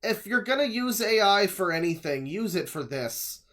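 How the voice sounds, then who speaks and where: A male streamer talking over a video in loose, rambling reaction commentary. He is sarcastic and curses freely, in a slightly higher-than-usual voice. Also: expressive, moderate pace, pushed and bright. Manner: rambling, sarcastic, swears often.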